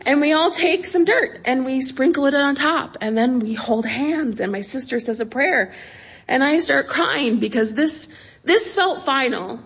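Animated woman storyteller on stage. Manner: animated, wry, quick shifts to high pitch for emphasis. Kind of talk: live comic storytelling. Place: stage before an audience.

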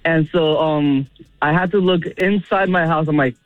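A man's voice: a little high, normal speed, no echo, faint music behind. A man in his twenties calling in to a radio show, flustered and giggly as he tells his story over the phone. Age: 20s. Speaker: caller. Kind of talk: telling a story on a call-in show. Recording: tinny dry phone line.

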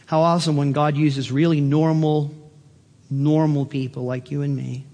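A man's voice: a little high, flat delivery, moderate pace, a little mellow, big-room sound. A man preaching as a pastor, emphatic and building with enthusiasm. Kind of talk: sermon.

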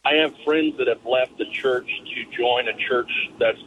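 A man's voice: mid-range voice, measured pace, fairly bright tone. A man calling in to a radio show, hesitantly and carefully explaining his question. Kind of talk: call-in question on air. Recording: dull phone line with faint noise.

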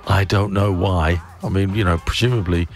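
A man's voice: sits low, steady tone, normal speed. A man presenting a morning radio show, rambling casually with chuckles and self-mocking asides. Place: radio studio.

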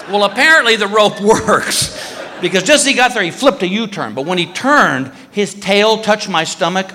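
A stand-up comedian, a man, telling an animated story and acting out voices and screams on a live stage. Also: high voice, moderate pace, a little hiss or hum. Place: comedy stage before an audience. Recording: live stage in a hall with crowd laughter.

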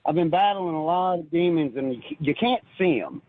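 A man's voice: fairly high pitch, lively intonation, normal speed, no room sound. A man calling in to a talk show who tells his story earnestly and at length, often repeating words when he is stirred up. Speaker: caller. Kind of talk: emotional call-in storytelling. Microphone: phone. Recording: tinny phone line.

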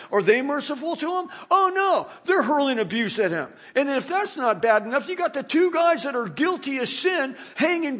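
A man preaching a sermon, animated and dramatizing the scripture passages he reads. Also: very high voice.

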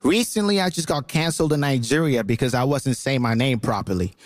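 A man's voice: mid-range voice, a little fast, dry recording, clean studio sound. A man raised in Canada giving a playful, chatty comic debate speech. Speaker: comedian debater.

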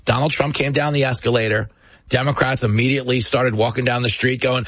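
A man hosting a political commentary show, talking in an emphatic, sarcastic and animated way. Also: mid-range voice, a little fast, no room sound. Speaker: talk show host.

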